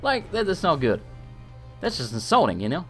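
Excitable English man with a lively voice. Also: fairly high pitch, normal speed, soft background music. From England. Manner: chatty, excitable, swears when flustered. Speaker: streamer. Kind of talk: live gameplay commentary.

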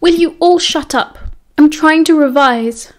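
British lady doing a cross teen boy wizard, yelling, snappy, pitched way up. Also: unhurried. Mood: angry. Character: angry teenage schoolboy wizard, moody and sharp.

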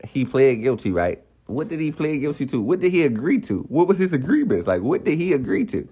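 A man's voice: fairly high pitch, very animated, fairly quick, dark tone, breathy edge, highs cut off. A young man ranting on a phone live stream, heated and profane, firing off rhetorical questions. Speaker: livestreamer.

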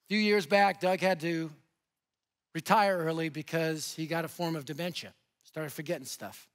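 Guest preacher, male, high voice, animated storyteller with hushed drops. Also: normal speed, pauses often. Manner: animated, swings from loud to hushed. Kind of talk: sermon storytelling.

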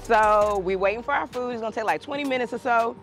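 Excitable slangy woman food vlogger. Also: fairly high pitch, fast talker, over music. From Houston, Texas. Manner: casual slangy talk, laughs often, excitable. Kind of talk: casual food vlog.

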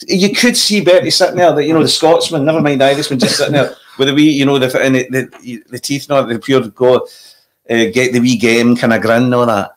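A Scottish man chatting in a podcast, telling animated stories full of gangster impressions. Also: medium pitch, brisk. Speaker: guest comedian. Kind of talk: casual chat with impressions.

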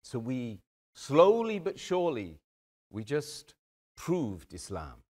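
A man's voice: mid-range voice, huge pitch swings, takes it slowly, darkish tone. A man giving an earnest talk to a community audience, often calling them brothers and sisters. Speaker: speaker addressing a community. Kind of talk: motivational talk.

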